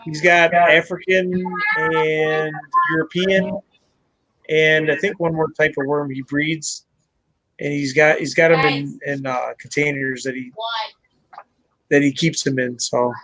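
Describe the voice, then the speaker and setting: A man's voice: a little high, steady tone, a little slow, a bit bright, dry recording, poor audio. A man hosting a live stream, chatting casually, laughing and greeting viewers by name. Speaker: channel host.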